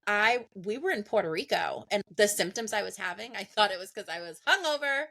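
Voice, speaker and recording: A woman's voice: medium pitch, animated, a little fast, gravelly, pushed and bright, no echo. A woman in her thirties, a podcast guest, casually telling a story, laughing often and acting out what people said. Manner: laughs often, acts out conversations.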